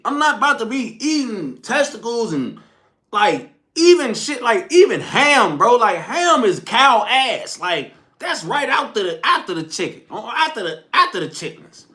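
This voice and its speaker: Hosting a morning smoke session on his stream, a man launches into a casual, profane rant full of slang, calling his listeners "folk" and "bro." His voice is extremely high-pitched and sharp, and he rambles.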